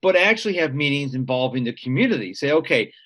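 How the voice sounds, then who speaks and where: A man's voice: mid-range voice, very animated, fast talker, a bit bright. A man being interviewed, sharing practical stories and advice in an earnest, conversational way. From United States. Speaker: guest.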